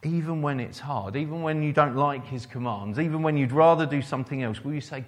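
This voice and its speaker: A man's voice: a little high, a little fast, hardly any pauses. A man preaching a sermon, quoting scripture and repeating key phrases for emphasis.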